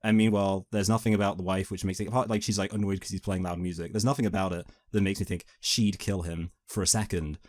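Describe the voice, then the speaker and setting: Deep-voiced, fast-talking man reviewing a film. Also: no echo. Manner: animated, rambling with many "like" fillers. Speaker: podcast co-host, film reviewer. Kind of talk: casual film review chat.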